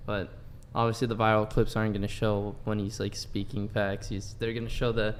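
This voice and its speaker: A man's voice: fairly low pitch, flat delivery, brisk, slight background noise. A man on a dating talk panel, giving his opinion in a rambling way with lots of "like.". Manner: rambling, filler-heavy, full of "like". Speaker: panel guest. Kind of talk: casual opinion chat.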